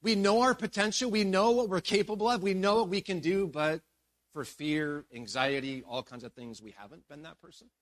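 A male pastor giving a sermon with animated storytelling, swinging between emphatic bursts and hushed passages. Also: high-pitched, moderate pace.

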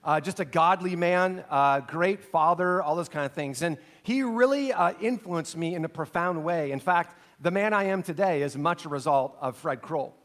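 A middle-aged man preaching a sermon, telling a personal story earnestly, his voice dropping soft and low in emotional passages. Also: normal speed, few pauses. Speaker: pastor.

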